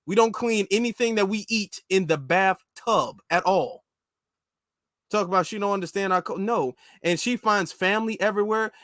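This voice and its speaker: A man's voice: sits high, moderate pace, fairly bright tone, dry recording, studio quality. An American man commentating on clips, exasperated and stammering through restarts as he argues. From United States. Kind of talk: reaction commentary.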